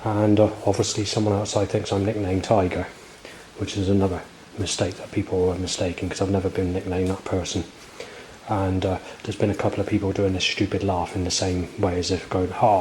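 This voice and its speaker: Brief: man in his 40s, lowish voice, agitated, ranting and swearing, loud street noise behind. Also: low-quality recording. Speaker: vlogger. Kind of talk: rambling spoken monologue.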